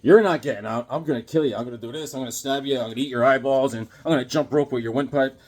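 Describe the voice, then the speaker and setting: A man's voice: mid-range voice, rapid-fire, close to an everyday voice. Man putting on a cackling vampire hitchhiker. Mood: menacing. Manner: gleeful threatening taunts.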